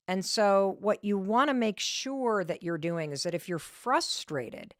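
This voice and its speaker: A woman's voice: lowish voice, dry recording, studio quality. A middle-aged woman, hosting a podcast and giving motivational advice in an emphatic, conversational way. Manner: emphatic, conversational, punchy stress on key words. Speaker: podcast host answering listener questions.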